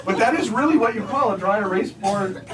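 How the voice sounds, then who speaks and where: A man giving a comic talk at a book signing, telling deadpan anecdotes and jumping into high voices to mimic what others say. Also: fairly quick. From United States. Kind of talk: comic talk to a live audience. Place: bookstore event space, mixed with audience. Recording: distant mic, loud crowd and room noise. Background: audience laughter.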